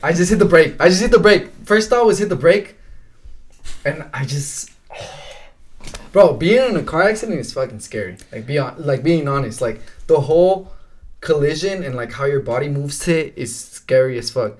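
A man's voice: fairly high pitch, lively intonation, moderate pace. A young man telling laid-back stories on a podcast, swearing often, saying "bro" a lot and laughing as he goes. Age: young adult. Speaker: podcast co-host. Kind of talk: casual storytelling chat.

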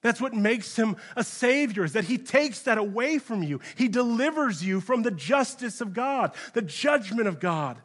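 A man, a pastor, preaching a sermon in a church, speaking straight to his listeners with rhetorical questions and swinging between hushed, grave passages and raised, urgent ones. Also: very high-pitched, lively intonation, normal speed, few pauses.

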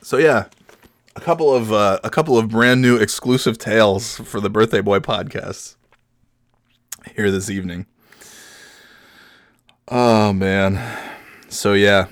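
A man's voice: fairly low pitch, a little slow, pauses often, no echo. A young man hosting a podcast, telling rambling, profane stories with self-deprecating humor on a studio mic. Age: young adult. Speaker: podcast host. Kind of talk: casual storytelling.

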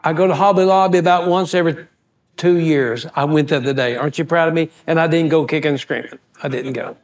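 A man preaching a sermon as pastor, telling folksy, animated stories and acting out the voices of people in them. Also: on the high side, fast. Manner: folksy, animated storyteller who acts out quoted voices. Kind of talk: storytelling sermon.

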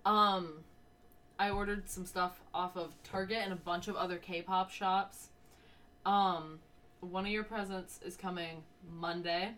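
A woman's voice: lowish voice, fairly even intonation, measured pace, a bit bright. A young woman co-hosting a casual, unscripted podcast, chatty and rambling, laughing often and talking through the hiccups. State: has the hiccups. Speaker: podcast co-host.

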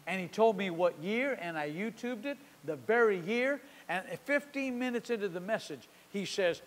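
High-pitched preacher guy telling a story in a sermon, acts out the dialogue, long echo tail from the hall. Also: moderate pace, hardly any pauses. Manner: storytelling, acting out dialogue with shifting loudness. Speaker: pastor.

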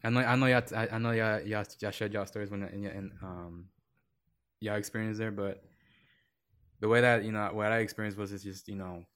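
A man's voice: fairly low pitch, steady tone, a little fast, a bit bright. A man telling long work stories in casual chat, rambling with many fillers and acting out quoted voices. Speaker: podcast guest.

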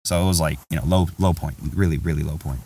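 A man with a very low voice tells a long story on his podcast, loose and candid, often calling his friend "bro." He sits a bit away from the microphone, so the voice sounds slightly distant. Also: fairly even intonation, quick pace, darkish tone, husky. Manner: rambling, candid, says "bro" a lot. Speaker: podcast host.

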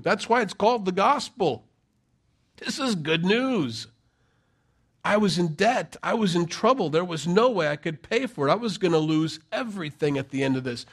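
A man's voice: high voice, lively intonation, moderate pace. Emphatic conversational male preacher. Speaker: pastor. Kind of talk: sermon.

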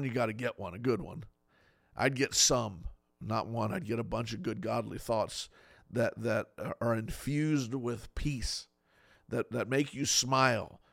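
A man's voice: medium pitch, creaky, fairly bright tone, no echo, clean studio sound. A man preaching as a pastor, earnest and pleading, stacking up short repeated phrases. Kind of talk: sermon.

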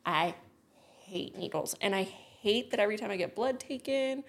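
A woman's voice: medium pitch, animated, moderate pace. A woman co-hosting a podcast, telling a personal story in blunt casual chat with lots of swearing. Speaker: podcast co-host.

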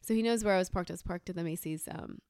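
A woman's voice: fairly low pitch, quick pace, a little mellow, smooth, no room sound, studio quality. A woman in casual chat, chatty and asking follow-up questions, then telling her own story. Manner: chatty, laughs along, asks questions.

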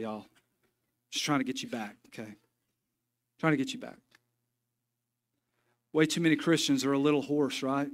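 A man preaching a sermon in a church, folksy and joking, with emphatic stretches. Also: mid-range voice. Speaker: pastor. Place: church sanctuary.

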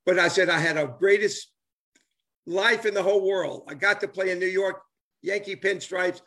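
This older man speaks with a lilt, and his voice sits higher than most men's. His casual chat rambles with enthusiasm, stumbling over fillers and restarts as he chases his point. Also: normal speed, a bit bright. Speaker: former ballplayer and author. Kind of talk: casual chat on a live stream.

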